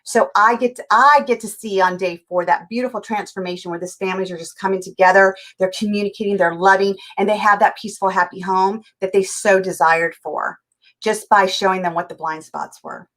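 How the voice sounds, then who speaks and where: A woman's voice: medium pitch, fairly even intonation, brisk, a bit bright. A woman from California, a life coach and interview guest, talking energetically and acting out little scenes in quoted voices. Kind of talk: animated interview talk.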